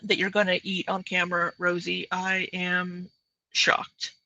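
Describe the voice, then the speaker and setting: Woman host, sarcastic commentator; gravelly and husky, close and dry sound. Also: fairly low pitch, completely flat delivery, a little slow, pushed and bright, no echo, dull audio.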